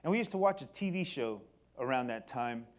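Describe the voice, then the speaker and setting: A middle-aged man giving a personal storytelling talk on stage, animated, moving between loud excited bursts and quiet low passages. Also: brisk. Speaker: company speaker. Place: stage before an audience.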